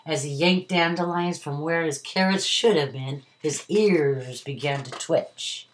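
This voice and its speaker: A woman's voice: low voice, unhurried. An older woman, a retired teacher, reading a children's story aloud at home. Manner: warm, expressive reading to children.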